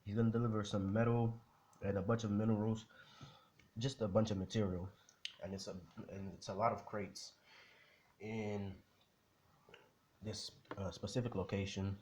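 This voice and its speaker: A man's voice: on the low side, little pitch movement, normal speed, long pauses, darkish tone, slight background noise, lightly acted. A man voicing a cocky, slangy boy genius in a casual, reassuring way.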